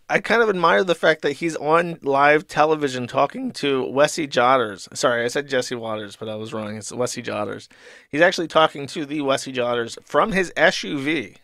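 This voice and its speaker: A man's voice: medium pitch, fairly bright tone, no echo, clean studio sound. A man in his thirties hosting, rambling through a comic with crude swearing and many fillers. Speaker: host. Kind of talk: casual commentary reading a comic.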